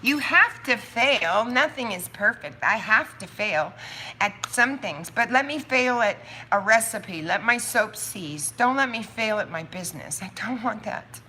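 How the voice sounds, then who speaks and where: A woman chatting on her own live stream about her soap business, thinking out loud with quick asides and laughs. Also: fairly high pitch, expressive, slight background noise. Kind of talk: casual livestream chat.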